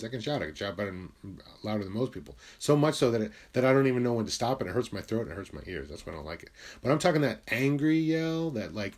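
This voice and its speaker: A young man from Connecticut talking candidly about his life in a blunt, confessional way. He swears freely and sometimes drops into quiet, low asides. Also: expressive, fast, husky. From Connecticut, USA. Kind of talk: candid personal monologue.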